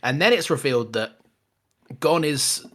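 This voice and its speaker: On the high side and speaking at a measured pace, this podcast co-host talks through a film in a casual review chat. His delivery is animated, full of laughter and frequent restarts.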